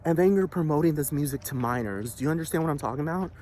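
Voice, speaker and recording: A fairly high-voiced man rants in a heated, agitated way, swearing often and circling back to the same points. He keeps demanding whether the listener understands him. A faint hiss of noise sits under the recording. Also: very fast, darkish tone. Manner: agitated, repetitive, profane, keeps asking "do you understand". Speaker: vlogger. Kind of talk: heated rant to camera.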